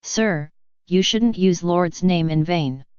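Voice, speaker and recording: A woman's voice: on the low side, slow pace, a little mellow, clean tone, dry recording, highs cut off. A woman voicing a prim, innocent nun in a polite tone.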